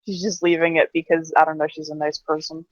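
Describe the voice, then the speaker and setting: A woman's voice: low voice, level tone, fast, no echo, lo-fi sound. A woman player in a tabletop role-play game, playfully narrating what her character does.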